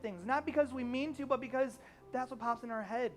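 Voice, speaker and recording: A man's voice: very high voice, fairly quick, faint music behind. A man preaching a sermon as a pastor, telling a story conversationally with fillers and acting out the lines.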